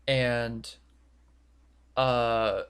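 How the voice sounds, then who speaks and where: Young male podcast co-host, mid-pitched, casual and rambling, acts out quotes. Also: flat delivery, very slow, fairly bright tone, clean tone. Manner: rambling, filler-heavy retelling with quoted voices.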